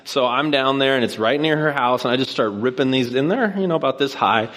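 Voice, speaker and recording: A man preaching a sermon from a stage, telling a neighborhood story in a relaxed conversational way and then posing rhetorical questions. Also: medium pitch, fairly quick. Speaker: pastor. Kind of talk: sermon with personal anecdote.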